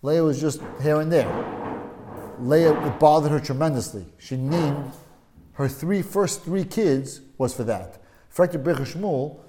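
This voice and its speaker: A man with a somewhat high speaking voice leads a casual religious study talk, telling stories with animated, emphatic delivery. He repeats phrases again and again to drive a point home. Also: unhurried, background noise. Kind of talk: casual storytelling discussion.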